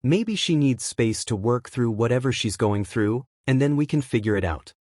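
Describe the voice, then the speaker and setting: A man's voice: mid-range voice, lively intonation, darkish tone, no echo, studio quality, close to an everyday voice. A man voicing a heartbroken, self-blaming young husband. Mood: bewildered. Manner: halting, pleading, questioning himself.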